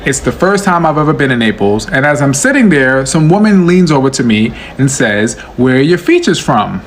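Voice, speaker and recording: A man from the United States recounts a story to camera in a mid-pitched voice. His telling is brisk and plain, with faint noise behind him. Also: sing-song.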